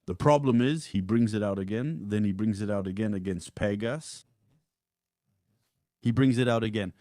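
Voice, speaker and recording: Speaking at a normal speed, a man with a lowish, darkish voice co-hosts a podcast. He's blunt and full of opinions during the casual conversation, captured in studio quality with no room sound.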